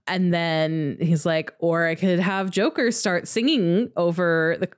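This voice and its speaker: A woman co-hosting a podcast, casually recapping a video game with a friend, relaxed and full of fillers. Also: fairly low pitch, measured pace, few pauses, clean tone. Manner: relaxed, with many fillers and soft laughs. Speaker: podcast co-host.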